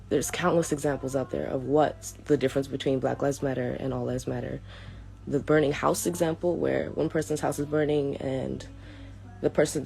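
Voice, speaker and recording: A young woman with a low, gravelly voice, talking earnestly and a bit haltingly as she reads a written statement to camera. Faint music plays softly behind her. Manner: earnest, hesitant, restarts often. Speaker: vlogger. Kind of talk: reading a prepared statement to camera.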